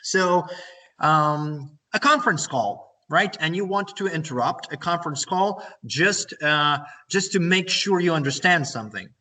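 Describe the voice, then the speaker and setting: A man's voice: on the high side, lively intonation, measured pace, sharp tone. A man with a Ukrainian accent, a native Ukrainian speaker, teaching business English in an online lesson, explaining phrases, repeating them and stressing grammar points. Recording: voice a bit far from the mic.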